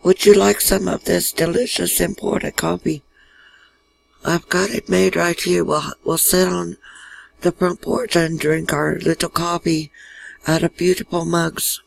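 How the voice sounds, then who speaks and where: A woman's voice: fairly low pitch, little pitch movement, a little slow, creaky, full character voice, poor audio. A woman putting on a prim German lady. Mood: hospitable. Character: prim older German woman offering coffee.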